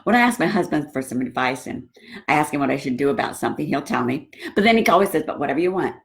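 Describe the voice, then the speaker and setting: A middle-aged woman with a low voice talks casually to wives about marriage. She tells stories in a lively way and acts out what people said. She sounds like a warm-hearted coach speaking to her viewers. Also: fast talker, gravelly. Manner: chatty, animated storytelling with quoted dialogue. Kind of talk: casual talk to women viewers.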